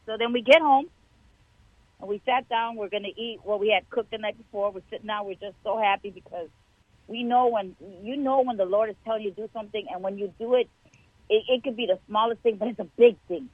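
A woman telling a personal faith story to a church show host in a chatty, animated way. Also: medium pitch, a little fast, no room sound. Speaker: guest caller sharing a testimony. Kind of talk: casual testimony. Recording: tinny phone line.

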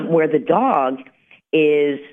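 A woman radio host giving dog-training advice in a lively, conversational, lightly joking way. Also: sits low, very slow. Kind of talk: radio talk show monologue. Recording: tinny phone-like radio line.

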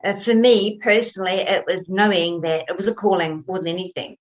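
A woman, a writer, hosting an interview in a reflective, measured way. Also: lowish voice. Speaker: host, writer. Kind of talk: casual interview chat.

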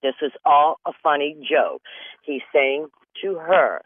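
A woman's voice: low-pitched, very animated, measured pace, no room sound. Woman, radio comedy host, chatty storyteller, laughs often, dry close sound, phone-line quality. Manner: chatty, laughs often, calls people honey.

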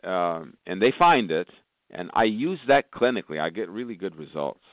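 A man, a doctor, speaking as a guest in a radio interview, rambling through long lists with sudden jumps in pitch. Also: very animated, normal speed, no room sound. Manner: rambling, lists conditions, bursts of higher pitch. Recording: phone-like narrow band, dry.

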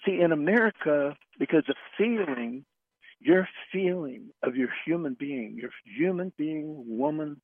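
A man, a guest on a radio interview, telling stories in an earnest, halting way that circles back on its phrases. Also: fairly high pitch, animated, dry recording. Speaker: radio show guest, flower remedy practitioner. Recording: tinny phone line, dry.

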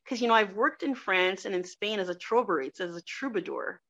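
A woman talking with enthusiasm in a conversational interview, animated and quick to laugh. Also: mid-range voice. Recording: dull lo-fi sound.

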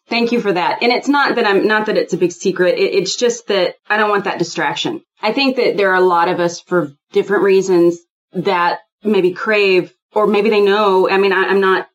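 A woman guest in a casual spiritual chat, rambling and animated, often acting out quoted dialogue. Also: mid-range voice, lo-fi sound.

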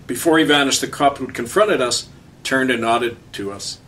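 Casting: male commentator and storyteller, biting and sarcastic, mid-pitch voice, a step back from the mic. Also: moderate pace, fairly bright tone, recorded from a distance, a little hiss or hum. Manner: sarcastic, polemical. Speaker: pastor and show host.

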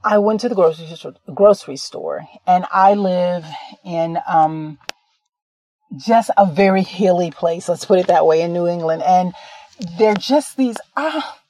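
A woman's voice: on the low side, unhurried, dark tone. A woman host telling a personal story in a casual, rambling way, often correcting herself mid-sentence. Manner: rambling, conversational, self-correcting. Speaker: podcast host.

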